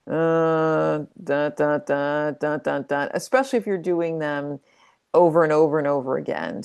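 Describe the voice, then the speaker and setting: A woman's voice: low-pitched, creaky, a little mellow. A woman who is a creativity coach, talking through her advice in a reflective, conversational way and playing with emphasis. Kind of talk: casual teaching monologue.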